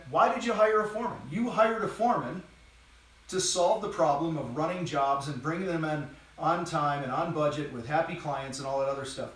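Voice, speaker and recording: Recorded off-mic in a very echoey room, an energetic male coach with a slightly high-pitched voice delivers live training to a camera for contractors. He moves around far from the distant mic, speaking bluntly and casually, with an occasional swear word.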